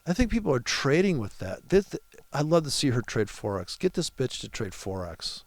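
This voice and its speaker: Male trader, gravelly voice, rambling profane commentary, dry close sound. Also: mid-range voice, sing-song, normal speed, no room sound. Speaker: forex trader. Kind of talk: casual live trading commentary.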